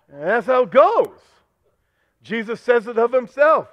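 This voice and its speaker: A man's voice: very high-pitched, big pitch swings, measured pace, no room sound, muffled recording. A male pastor preaching a fervent sermon, quoting scripture and losing his voice.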